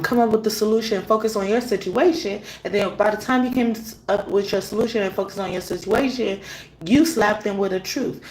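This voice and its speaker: Chatty woman tarot host, roomy echo. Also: mid-range voice. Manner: chatty, laughs often, loose storytelling. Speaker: tarot reader and show host. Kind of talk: casual tarot reading chat.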